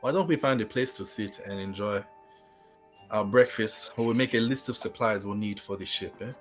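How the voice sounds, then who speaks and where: A man's voice: fairly low pitch, moderate pace. Man playing his d&d character, easygoing, ordering food, faint music underneath. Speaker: player. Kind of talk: casual tabletop roleplay.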